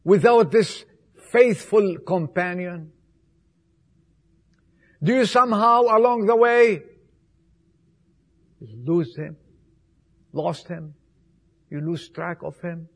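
Male preacher, sermon, raspy voice, fairly high pitch, dramatic loud-to-soft swings. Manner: slow, emphatic delivery with repetitions. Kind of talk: Easter sermon.

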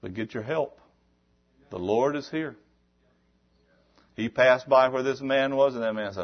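A man preaching a sermon, shifting between quiet talk and loud, exhorting passages. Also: on the low side, moderate pace, long pauses, muffled recording.

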